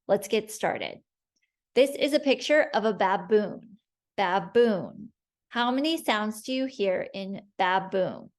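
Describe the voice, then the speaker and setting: Slow, patient woman phonics teacher. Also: medium pitch, expressive. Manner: slow, clear, patient sounding-out of words. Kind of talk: phonics spelling lesson.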